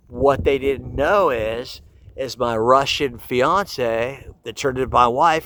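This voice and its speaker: A man's voice: medium pitch, a bit bright, a little hiss or hum, rough recording. A man talking in a rambling monologue, jumping between topics, restarting sentences and filling them with constant swearing. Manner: restless, restarts sentences often.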